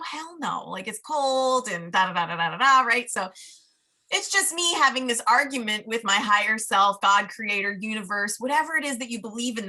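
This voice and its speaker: A woman with a bright, forceful voice chats as a podcast guest. She tells a personal story with animated energy and acts out the voices in her head. Her manner is lively and full of easy laughter. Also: medium pitch. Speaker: podcast guest, life coach. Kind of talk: casual storytelling chat.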